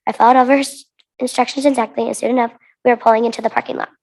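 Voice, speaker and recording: A woman's voice: on the high side, flat delivery, rapid-fire, a little mellow. A young American woman reading her own story aloud to a conference audience, earnest and with restarts. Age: teens. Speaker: student reader.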